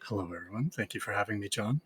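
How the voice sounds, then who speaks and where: Brief: calm male gamer, lowish voice, dry deadpan delivery. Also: husky, no echo, faint music behind. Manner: measured, deadpan. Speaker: gamer in voice chat. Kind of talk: casual voice chat banter.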